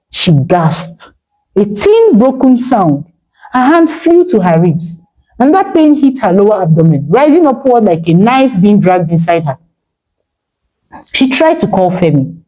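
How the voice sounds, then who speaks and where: A woman's voice: fairly high pitch, a little mellow, low-quality recording. A woman narrating a dramatic story with emotive delivery.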